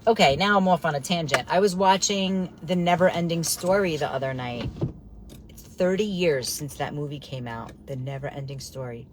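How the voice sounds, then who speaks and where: A woman coach chatting casually to her audience, blunt and excitable, swearing freely and wandering off on tangents. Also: low-pitched, normal speed, slight background noise. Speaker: host, coach. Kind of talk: casual live-stream chat.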